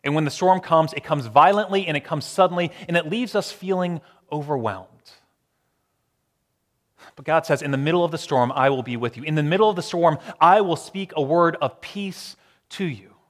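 Man preaching with hushed dramatic pauses. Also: fairly high pitch, in a large hall. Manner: dramatic shifts from loud to hushed, slow emphatic repetitions. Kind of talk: sermon.

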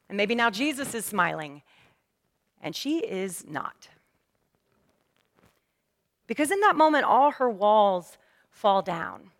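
A woman pastor preaching a sermon in a lively, conversational storytelling manner. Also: medium pitch, slow, long pauses. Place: church sanctuary. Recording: long reverb of a church hall.

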